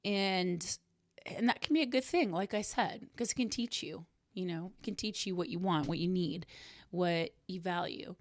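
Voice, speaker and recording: A young woman hosting a solo podcast, talking earnestly and reflectively, with soft laughs now and then. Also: fairly low pitch, normal speed, dry recording, studio quality. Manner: earnest, warm, self-reflective, laughs softly. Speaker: podcast host.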